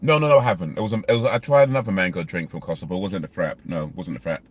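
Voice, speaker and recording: A man's voice: sits low, rapid-fire. A man, vlogging in casual, rambling chat while eating in his car. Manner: rambling, chatty, many fillers. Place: inside a parked car.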